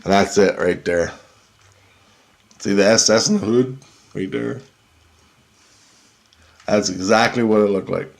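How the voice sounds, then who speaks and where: A man with a somewhat low voice rambles through a long story in a casual, unscripted way. He swears freely and keeps checking in with "right?" and "okay?". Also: unhurried, creaky, long pauses. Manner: profane, rambling, full of "right?" asides.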